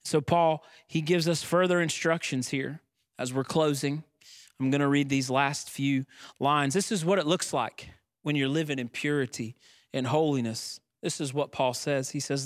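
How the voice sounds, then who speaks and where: A man's voice: a little high, steady tone, normal speed, no echo. Fervent preaching man, dry close sound. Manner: preaching with rising emphatic declarations. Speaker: pastor. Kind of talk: sermon.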